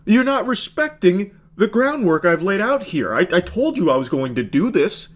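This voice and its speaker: High shrill voice, whiny entitled young man, indignant and mocking, put on by a man. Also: very animated, normal speed. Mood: indignant whining.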